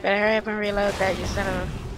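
A young woman doing let's play commentary, loud and profane, screaming at jump scares and trash-talking enemies. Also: mid-range voice, level tone, very fast, background noise. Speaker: gaming channel host.

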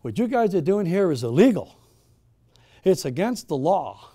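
A man's voice: sits high, very animated, moderate pace, warm tone, slightly rough, exaggerated voice. A man voicing a stern male soldier giving a blunt, threatening ultimatum in a retold story.

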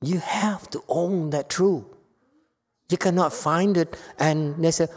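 A woman giving a Buddhist Dharma lecture to a live audience. She is emphatic and playful, swinging from quiet asides to loud outbursts. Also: sits low, slow. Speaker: Buddhist teacher. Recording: echoey hall with long reverb.

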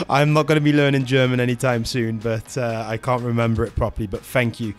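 A man hosting a casual tutorial, rambling and talking to an AI assistant in quick bursts. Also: mid-range voice, little pitch movement, soft background music. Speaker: tech video host.

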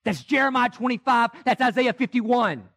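High-voiced impassioned preaching man. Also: lively intonation, measured pace. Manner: impassioned, swings from hushed to shouted. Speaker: pastor. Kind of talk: sermon. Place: church sanctuary.

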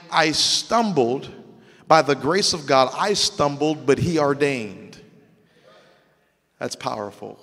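This pastor from Louisiana has a voice on the high side and a bit bright. He preaches an earnest sermon in refined, proper diction, repeating words often as he moves through his points, with long hall reverb filling the church sanctuary.

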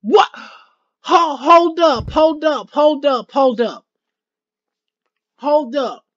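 A woman hosting a gaming video, commentating a let's play with excited yelps, shouts and slangy chatter. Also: high-pitched, dull audio. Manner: slangy, repeats phrases rapidly.

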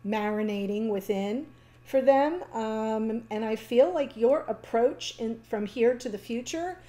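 A woman giving a casual, chatty tarot reading, talking warmly to the viewer with fillers and small laughs. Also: fairly high pitch, a little slow. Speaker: tarot reader.

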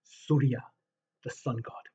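A man telling a folk tale to families, animated and asking his listeners questions. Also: slow, muffled recording. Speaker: storyteller. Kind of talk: live oral storytelling for families.

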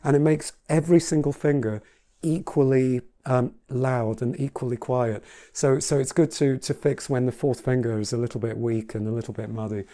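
Chatty male piano teacher, mellow voice. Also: mid-range voice, steady tone, normal speed. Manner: chatty, reassuring, demonstrates at the keyboard while talking. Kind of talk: casual piano tutorial. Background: piano playing.

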